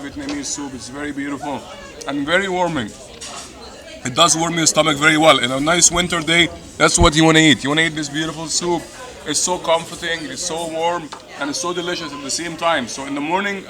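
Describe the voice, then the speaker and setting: A middle-aged man eating and reviewing a meal, effusive and a little hoarse from hot pepper. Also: fairly high pitch. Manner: enthusiastic, repeats "delicious" and "beautiful". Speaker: food vlogger. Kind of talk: casual food review while eating. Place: busy restaurant, indoors. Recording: noisy restaurant with crowd chatter. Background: crowd chatter.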